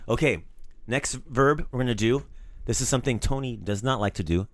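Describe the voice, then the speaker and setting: A man hosting a casual language lesson, animated and playful, teasing his co-host and praising each repeat. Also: medium pitch, fairly quick, no echo.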